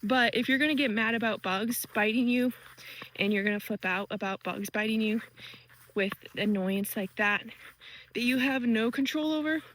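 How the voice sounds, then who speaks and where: A woman talking to her viewers while fast walking outdoors on a wooded trail, out of breath, chatty and reflective. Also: a little high, fairly bright tone, rough recording. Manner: chatty, reflective, laughs easily. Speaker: vlogger. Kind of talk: walking vlog musing.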